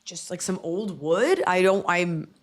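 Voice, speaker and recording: A woman hosting a comedy podcast, telling stories in animated casual chat and slipping into voices. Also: lowish voice, a little slow. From lives in Los Angeles. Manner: animated storyteller, jumps into voices mid-story. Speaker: podcast host.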